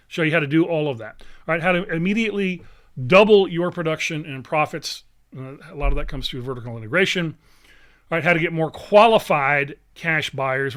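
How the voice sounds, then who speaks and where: A man delivers a live online training session with a slightly raised pitch. He talks in an emphatic, salesy way. He keeps checking in with his listeners with a quick "okay?". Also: fairly bright tone. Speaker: real estate investing coach. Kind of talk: live webinar teaching.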